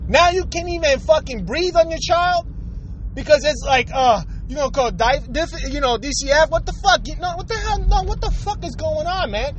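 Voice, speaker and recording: High-pitched angry profane vlogger rant. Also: normal speed, muffled recording, crowd noise. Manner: angry, emphatic, heavy swearing. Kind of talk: profane ranting monologue.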